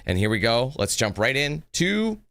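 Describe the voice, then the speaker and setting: A man's voice: medium pitch, very animated, normal speed, a bit bright, a little hiss or hum. A young man giving casual, rambling gameplay commentary, greeting viewers and laughing easily. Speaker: gaming YouTuber. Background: music.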